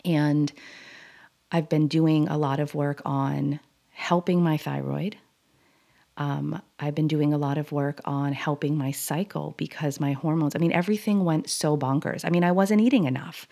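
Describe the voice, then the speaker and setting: Earnest woman host talking straight to you, kinda confessional, laughs at herself, low warm voice. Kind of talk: personal monologue to camera.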